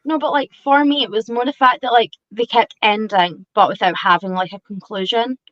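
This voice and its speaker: A woman's voice: a little high, steady tone, brisk, fairly bright tone, no room sound. A woman with a Scottish accent chatting casually, rambling with lots of fillers. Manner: rambling, hedging with fillers, giggly. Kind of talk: casual chat. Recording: dry, muffled lo-fi audio.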